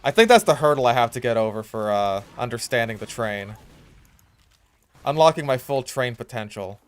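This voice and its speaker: A young man giving casual, chatty commentary over his own gameplay, now and then bursting out in loud reactions. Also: mid-range voice, animated, moderate pace, clear, resonant tone. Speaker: gaming YouTuber.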